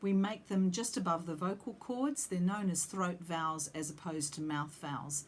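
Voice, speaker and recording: Lower-voiced woman teaching singing. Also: normal speed. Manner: explanatory, demonstrating vowel sounds by singing. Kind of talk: vocal lesson with sung demonstrations.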